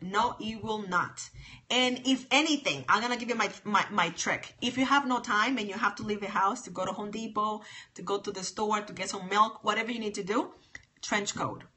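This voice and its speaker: A woman's voice: mid-range voice, moderate pace, pushed and bright. A woman chatting live with viewers on her phone, emphatic and sassy, repeating her points. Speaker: livestream host. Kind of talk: casual livestream chat with viewers.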